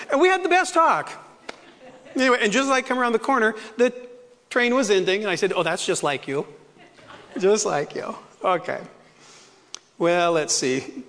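A middle-aged male pastor delivers his sermon as a string of chatty stories, acting out each quoted line and laughing often. His voice sits high and bright. Every word trails into the long reverb of a church sanctuary.

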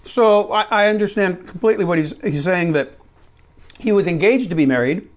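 A man's voice: high-pitched, normal speed. A man on a church live stream, casually explaining a scripture question and correcting himself as he goes. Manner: rambling, self-correcting, chuckles. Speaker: church teacher answering questions.

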